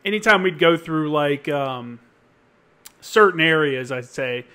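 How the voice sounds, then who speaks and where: A man hosting a podcast, chatting in a relaxed, buddy-like way. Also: on the high side, a little slow, clean tone. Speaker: podcast host. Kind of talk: casual chat.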